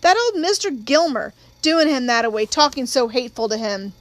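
A woman's voice: high-pitched, expressive, normal speed, no echo. A woman voicing a small boy who talks earnestly and insistently about what upset him, in an audiobook.

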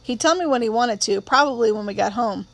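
A woman reading a novel aloud in a steady, measured storytelling manner. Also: fairly high pitch, vocal fry. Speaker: audiobook reader.

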